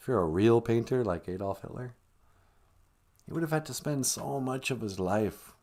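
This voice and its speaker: A man hosting a comedic live stream, rambling with chuckles and deadpan asides. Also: lowish voice. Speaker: host of a live stream show.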